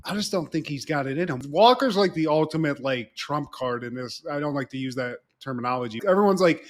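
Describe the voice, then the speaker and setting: Man, podcast co-host, casual episode recap, fairly high voice, animated, swears, acts out character lines. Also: fairly quick, few pauses.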